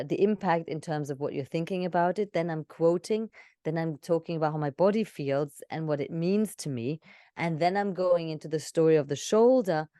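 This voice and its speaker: Female storytelling coach; deep mellow tone, expressive demos. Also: no room sound, studio quality. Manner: expressive, shifting between demonstration and instruction. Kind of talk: live coaching session, demonstrating storytelling.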